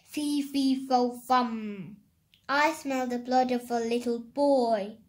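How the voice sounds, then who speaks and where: A child voicing a bad, greedy giant, shouting the lines a little higher and louder than the narration. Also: big pitch swings, takes it slowly, heavily acted. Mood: roaring. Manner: loud shouted chant.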